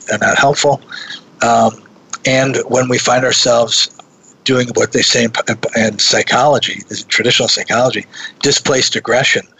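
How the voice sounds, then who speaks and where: A man talking as a radio show guest, an executive coach, halting and repeating words before he finds them. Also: mid-range voice, vocal fry, sharp tone, slightly rough, poor audio. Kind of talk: radio interview answers.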